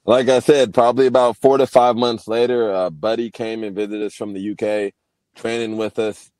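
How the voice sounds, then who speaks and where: Speaking at a moderate pace in a low-ish, darkish, level-toned voice, a young Paralympic swimmer talks candidly and thoughtfully as a guest on a casual video-call interview. He frequently restarts sentences, and there's no room sound.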